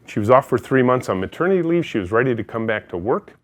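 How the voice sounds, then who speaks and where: Lively, animated man telling stories on stage. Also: medium pitch, fast. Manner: energetic, animated storyteller who acts out quotes. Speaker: company CEO giving a talk. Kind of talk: storytelling keynote talk.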